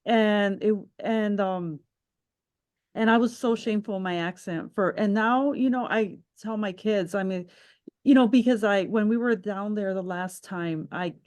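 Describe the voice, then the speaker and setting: Woman, podcast host, reflective, rambling, restarts often, mid-pitched. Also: measured pace, a little mellow. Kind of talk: conversational podcast interview.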